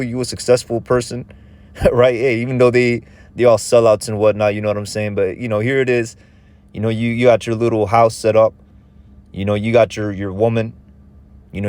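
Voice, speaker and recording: A man's voice: medium pitch, a little mellow. A man giving a casual, conversational scripture lesson in a loose, repetitive way of talking. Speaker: religious teacher.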